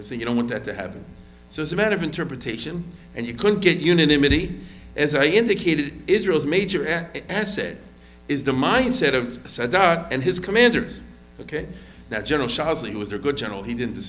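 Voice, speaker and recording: A man's voice: mid-range voice, brisk. A man giving an informal history lecture as a rabbi, talking casually with many restarts and acting out quotes. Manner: conversational, lively quoted voices, frequent fillers and restarts.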